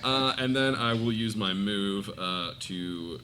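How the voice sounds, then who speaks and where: A man's voice: fairly low pitch, slow. A man playing a tabletop game live, giggly and apologetic as he rambles through his turns. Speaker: player. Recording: live event with faint room noise.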